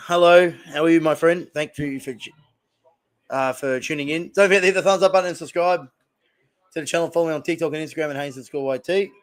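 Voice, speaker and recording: Hosting a live stream watch-along, a young Australian man speaks fast in a fairly high-pitched voice. He chats casually, reacts to plays, and rambles between topics.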